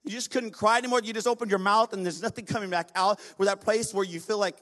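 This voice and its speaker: A man preaching a sermon in a fairly high voice. He is a pastor, reading scripture aloud and then speaking straight to his congregation, calling on them to respond. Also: steady tone, fast, few pauses, fairly bright tone.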